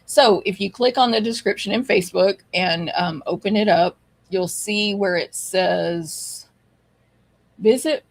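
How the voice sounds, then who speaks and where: A middle-aged woman with a Texan accent chats casually while hosting a live stream, greeting each viewer by name. She's from Texas and teaches papercraft, speaking in an unhurried, medium-pitched voice.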